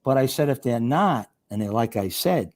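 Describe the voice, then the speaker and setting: A mid-range voice at a moderate pace comes from a middle-aged retired fire lieutenant appearing on a podcast. He tells his stories casually and with animation, taking on the voices of their characters.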